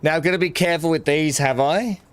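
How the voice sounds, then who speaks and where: A man's voice: on the high side, quick pace, slight background noise. Chatty man talking to his dog. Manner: chatty, talks to his dog while opening gifts; muttering asides, frequent throat clearing. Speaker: gaming video creator. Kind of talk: casual unboxing chat.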